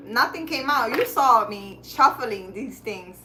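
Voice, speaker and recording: A woman's voice: fairly high pitch, expressive, measured pace, few pauses, noisy background. A woman running a casual live stream, reading cards and chatting with viewers by name, laughing often. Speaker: live-stream card reader.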